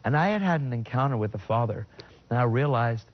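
Earnest and emotional, a middle-aged guest tells his faith testimony at a brisk clip with lively intonation. His pitch is ordinary for a man but leaps high in sudden bursts whenever he quotes his own words, on a somewhat dull, lo-fi recording.

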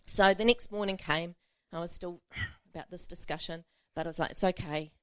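A woman's voice: on the low side, steady tone, normal speed, no echo. A woman pastor preaching a sermon, telling a self-mocking personal story with frequent laughter.

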